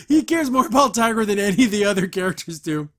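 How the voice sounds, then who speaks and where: Sarcastic male podcast host, slightly high voice. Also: lively intonation, fairly quick, fairly bright tone. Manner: mocking, incredulous asides with chuckles. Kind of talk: casual episode recap and reaction.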